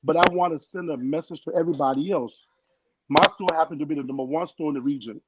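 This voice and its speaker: A man's voice: on the high side, fast. Accented man telling his story over a noisy line. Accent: foreign accent. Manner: earnest, animated storyteller acting out quoted people. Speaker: guest. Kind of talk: casual storytelling. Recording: dull lo-fi sound with loud noise.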